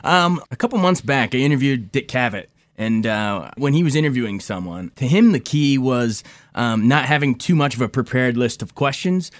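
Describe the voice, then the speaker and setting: A man's voice: medium pitch, animated, moderate pace, dry recording, studio quality. A man interviewing his guest, asking questions in a friendly, playful way. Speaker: entertainment editor, interviewer. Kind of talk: casual interview.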